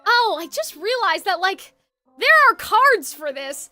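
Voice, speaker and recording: Chatty, joking high-voiced woman streamer. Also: big pitch swings, a little slow, sharp tone, dry recording, soft background music. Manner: chatty, joking, laughs often. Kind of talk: live gameplay commentary.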